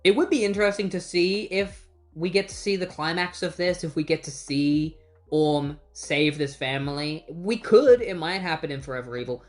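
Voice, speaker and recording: Comic recap host, chatty and kinda incredulous, mid pitch, faint music. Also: moderate pace. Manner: chatty, animated, incredulous asides. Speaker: comic book reviewer.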